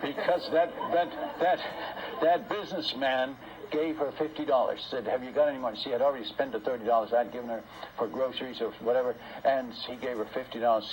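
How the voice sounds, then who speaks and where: A man's voice: mid-range voice, slight background noise, low-quality recording. A man preaching, telling a folksy story and acting out both sides of the conversations, with homely asides to his listeners. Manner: folksy, lively retelling that acts out both sides of dialogues; homely asides and questions to the audience. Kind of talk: storytelling sermon.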